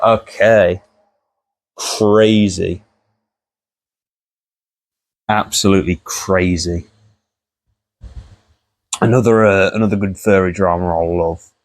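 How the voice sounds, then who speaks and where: Rambling, profane man, low voice. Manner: rambling, profane, laughing at the story. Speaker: commentator. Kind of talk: casual commentary vlog.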